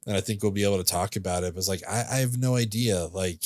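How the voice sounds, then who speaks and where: A man with a very deep voice co-hosts a podcast, talking through a film in a loose, rambling way full of fillers. The recording is dry and close, with no room sound. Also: fast, a little mellow, no echo. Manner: laid-back, rambling, many fillers. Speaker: podcast co-host. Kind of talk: casual film review chat.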